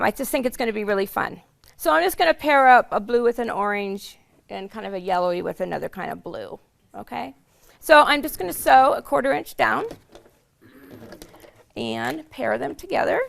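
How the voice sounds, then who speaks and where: A chatty woman walks through a quilting demonstration, explaining each step as she goes. Her voice is hoarse and rough with heavy fry, set a little high. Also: fairly bright tone. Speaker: quilting instructor. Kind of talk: casual sewing demonstration.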